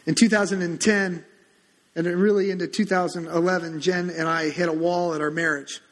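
High-voiced pastor preaching in a reverberant hall. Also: male voice, moderate pace. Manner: conversational, animated preaching with acted-out quotes. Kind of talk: sermon. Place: church sanctuary.

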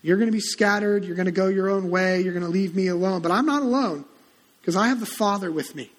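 A middle-aged man preaching a sermon as a pastor, conversational and animated, acting out quotes as he goes. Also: sits high, fast talker. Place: church sanctuary. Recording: long hall reverb.

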